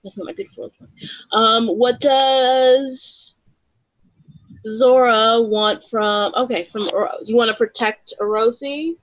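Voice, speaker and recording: A woman's voice: a little high, steady tone, a bit bright, dry recording, poor audio. Woman game master, dry close sound. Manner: chatty, full of ums, quick asides. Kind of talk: running a tabletop game.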